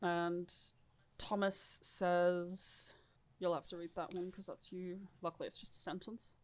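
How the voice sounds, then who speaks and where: A woman's voice: fairly low pitch, level tone, unhurried. A woman co-hosting a podcast, reading lore aloud in a casual, irreverent way and swearing freely. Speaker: podcast co-host.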